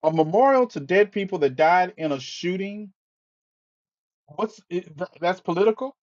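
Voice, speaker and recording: Live-stream host, male, angry and weary monologue with swearing, slightly high voice, dull audio. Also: lively intonation, measured pace, darkish tone. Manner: exasperated ranting with repeated phrases and swearing.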